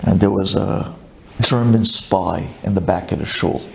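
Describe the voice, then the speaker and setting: A man's voice: unhurried, gravelly, slight background noise. A male rabbi giving a sermon and telling the story dramatically, with Hebrew and Yiddish terms in his English. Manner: animated storytelling with big swings in pitch and volume.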